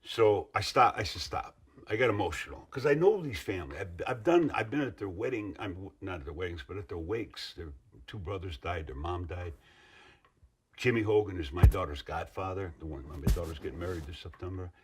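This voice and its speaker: Deep, husky middle-aged man recounting. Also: lively intonation, a little fast, a little mellow. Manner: rambling, earnest storytelling with restarts and asides. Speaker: interviewee, former union member. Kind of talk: interview recollection.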